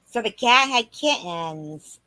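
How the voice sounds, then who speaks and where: A woman's voice: medium pitch, lively intonation, takes it slowly, bright, forceful tone. A woman commentating on a clip, reacting with incredulous, repeated questions.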